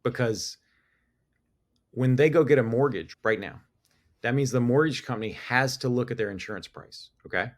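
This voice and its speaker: A middle-aged man talks as a guest in a casual podcast conversation. His voice sits at an ordinary pitch, and he is talkative and laughs easily. He often stops and restarts his sentences as he thinks aloud. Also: moderate pace. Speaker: business owner guest.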